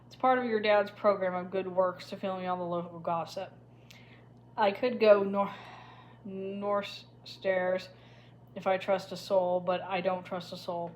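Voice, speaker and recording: A woman's voice: medium pitch, steady tone, a little slow, highs cut off, a little hiss or hum, natural voice. A woman voicing a scheming middle-aged male official who speaks in a lazy, self-satisfied drawl. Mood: sly drawl.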